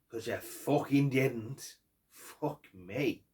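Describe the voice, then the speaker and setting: Furious swearing football fan. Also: male voice, mid-range voice, big pitch swings, takes it slowly, darkish tone. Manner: angry, heavy swearing, emphatic. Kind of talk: post-match fan rant.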